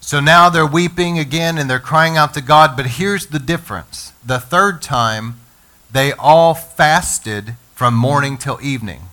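A male pastor delivers an energetic sermon in a bright, forceful voice pitched a little high. He preaches directly to the congregation and calls on them to answer back. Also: measured pace.

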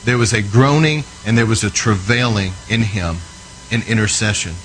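Through a rough recording with a bit of hiss or hum, a fairly low, fairly bright male voice delivers a sermon at normal speed. He's earnest and emphatic, weaving stories conversationally and regularly checking in with those listening.

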